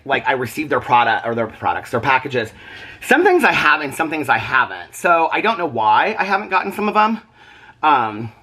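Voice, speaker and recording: Chatty guy vlogging at home, kinda breathy and out of breath, bright tone. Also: medium pitch. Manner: rambling, chatty, talks to viewers directly. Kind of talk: casual vlog chat. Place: at home, leaning on a kitchen counter.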